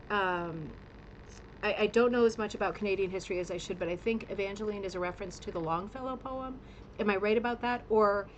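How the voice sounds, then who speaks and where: A woman's voice: fairly low pitch, a little hiss or hum, poor audio. A woman hosting a casual craft club livestream, gushing with effusive praise and rambling with fillers, talking in a home studio with a green screen. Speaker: host of a rug hooking club livestream. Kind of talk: casual livestream show-and-tell.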